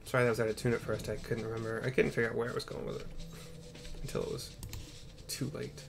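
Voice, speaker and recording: A man's voice: mid-range voice, flat delivery, creaky. Chatty, irreverent man narrating gameplay. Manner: chatty, irreverent, with quick swearing asides. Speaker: gamer narrating a playthrough. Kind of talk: casual game playthrough commentary.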